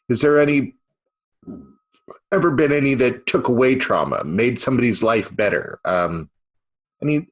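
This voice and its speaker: Male host, lowish voice, easygoing, hesitant questioner. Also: a bit bright, breathy edge. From California. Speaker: podcast host. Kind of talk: casual interview chat.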